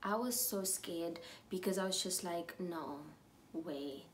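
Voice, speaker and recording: A young woman telling a storytime while getting ready, chatty and animated, sometimes dropping to a whisper. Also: lowish voice, moderate pace, a little hiss or hum. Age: young adult. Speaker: vlogger.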